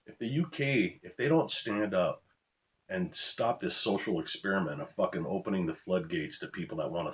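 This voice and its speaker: Deep voiced guy in his 50s, ex cop, cussing and ranting at the camera. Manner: blunt, profane, preachy warnings. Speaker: former law enforcement officer, channel host.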